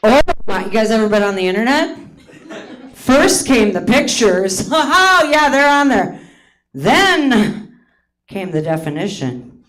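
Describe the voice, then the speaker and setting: Her voice sits on the high side, very animated and fairly bright, delivered at a slow pace. She's a woman in her late fifties from Hawaii doing self-deprecating stand-up in a theater, often laughing at her own lines.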